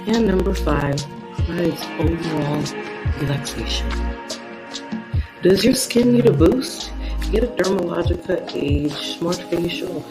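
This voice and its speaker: An unhurried voice-over reading a spa advertisement as a numbered list. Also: medium pitch, expressive. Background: loud music.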